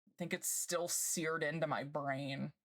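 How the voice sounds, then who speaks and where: A bubbly woman chats casually with her live viewers and laughs easily. Her voice sits fairly low. She gushes over whatever catches her eye. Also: steady tone, a bit bright. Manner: bubbly, gushing, quick to laugh. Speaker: streamer.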